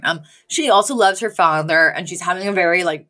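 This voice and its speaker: A woman co-hosting a podcast, recapping a sitcom episode in casual chat, animated and laughing often. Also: on the low side, brisk, hardly any pauses.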